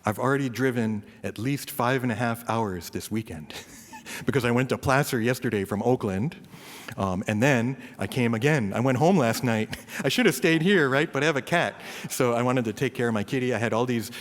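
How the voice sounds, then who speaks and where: A man's voice: medium pitch, normal speed. Man preaching casually in a reverberant hall. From US East Coast. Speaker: minister giving a Dharma talk. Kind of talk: informal sermon. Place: temple hall.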